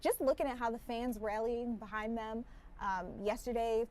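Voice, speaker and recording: A woman's voice: a little high, steady tone, moderate pace, darkish tone. A woman news anchor on a live local broadcast, talking in a conversational, upbeat way.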